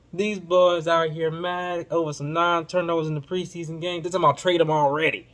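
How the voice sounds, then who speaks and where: A man hosting a podcast, giving casual basketball commentary in an emphatic, informal, slang-heavy way that swings between loud outbursts and low muttering. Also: expressive, fairly quick. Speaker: podcast host.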